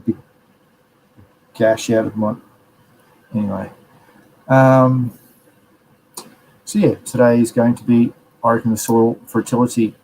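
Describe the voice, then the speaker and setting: A man's voice: medium pitch, level tone, unhurried, creaky, long pauses, darkish tone, low-quality recording. An Australian man hosting a live show, chatting casually and rambling with slang. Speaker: host. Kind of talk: casual live-stream chat, reading chat messages.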